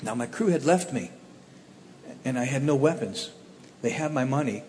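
A man from the Cleveland area telling his own testimony in a plainspoken, animated storytelling way. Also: mid-range voice, moderate pace, in a large hall, a little hiss or hum.

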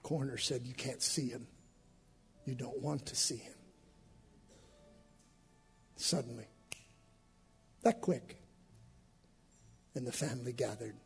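A male pastor preaching an impassioned sermon with an altar call, swinging from hushed lines to shouted ones. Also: medium pitch, slow pace, vocal fry, pauses often, slightly rough, faint music behind.

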